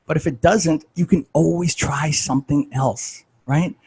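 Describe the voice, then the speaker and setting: A man's voice: on the high side, fairly even intonation, measured pace, darkish tone, slightly rough, rough recording. A man talking casually as a fitness coach, conversational and full of "like" and "right?".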